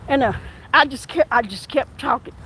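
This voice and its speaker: A woman police officer telling a story while walking outdoors, animated and acting out the back-and-forth. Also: sits high, moderate pace, slight background noise, low-quality recording. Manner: animated, acts out quoted exchanges. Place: outdoors on an urban street.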